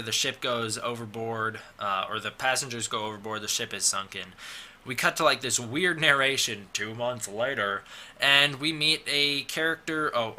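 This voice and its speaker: A man talks through a film review in a loose, offhand way, trailing into fillers and restarts. His voice is strikingly bright and tense, pitched in the middle for a man, and he slips in dry sarcastic asides. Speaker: movie reviewer. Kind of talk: casual spoken film review.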